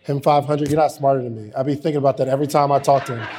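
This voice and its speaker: A man's voice: medium pitch, steady tone, very fast, background noise. A man hosting a live onstage interview, casual, slangy and enthusiastic. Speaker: host.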